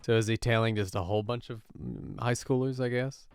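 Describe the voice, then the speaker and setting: A man's voice: lowish voice, fairly even intonation, a little fast, vocal fry, slight background noise. A man casually reacting to an anime, joking, laughing and talking to the characters. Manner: jokey, laughs often, talks to the characters.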